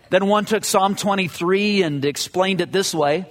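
A man's voice: high voice, measured pace, few pauses, big-room sound. A man preaching a sermon as pastor, earnest and conversational, often repeating his words as he goes.

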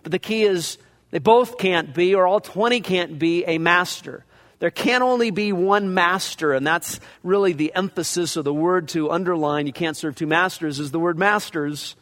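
His voice sits high and fairly bright, moving at a moderate pace, as this pastor preaches an expository sermon verse by verse, chatting through it and playing out scripture in character. The long reverb of a large hall is audible.

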